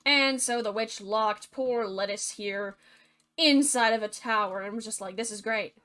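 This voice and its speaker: Young woman doing a jokey storytime, chatty and sarcastic, kinda high voice. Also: a little slow, bright, forceful tone. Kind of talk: comedic fairy tale retelling.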